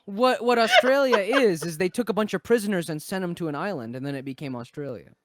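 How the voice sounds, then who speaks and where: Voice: medium pitch, fast talker. A cast member in casual podcast chat, laughing a lot and jumping in often. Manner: animated, laughing, jumps in often.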